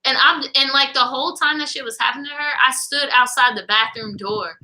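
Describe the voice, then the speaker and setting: A woman's voice: sits high, a little hiss or hum, low-quality recording. A young woman co-hosting a podcast, telling a story in casual, profane chat and acting out what people said. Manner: animated, profane, quotes people in rapid back-and-forth. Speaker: podcast co-host.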